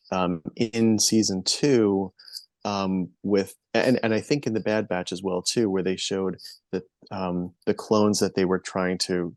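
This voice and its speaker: A man's voice: on the low side, no echo. A man talking as a podcast guest, hesitant, with many ums and restarts. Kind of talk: casual chat.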